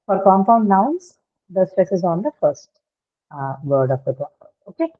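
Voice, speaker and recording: A woman's voice: medium pitch, sing-song, normal speed. A woman teaching an online lesson, explaining patiently and checking in with "right?". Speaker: English teacher. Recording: tinny phone-like call audio.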